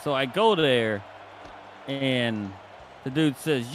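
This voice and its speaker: A man's voice: mid-range voice, a little slow, background noise. A man with a Cajun accent, chatting casually as a color commentator on a simulated football broadcast. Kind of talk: casual game commentary banter.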